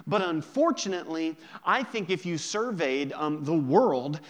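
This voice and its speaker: A man pastor preaching a sermon in a conversational, joking way, drawing out key words slowly for emphasis. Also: fairly high pitch, expressive.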